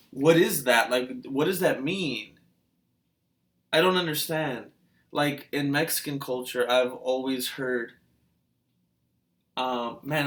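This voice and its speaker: Male vlog host, mid-pitched, chatty and meandering, lots of ums and restarts. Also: a bit bright. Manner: hesitant, full of fillers and restarts; musing, questioning. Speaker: reaction video host. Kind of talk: casual rambling commentary.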